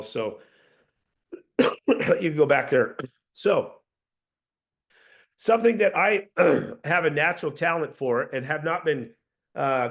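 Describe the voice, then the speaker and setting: A man's voice: medium pitch, a bit bright. A man coaching a sales team in a casual, earnest talk, often restarting his sentences. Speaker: sales trainer.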